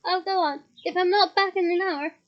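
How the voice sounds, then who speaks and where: A woman voicing a brave young wizard boy who speaks earnestly and calls out loudly. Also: very high-pitched, steady tone, brisk, highs cut off, pitched above the performer's own voice. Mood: determined.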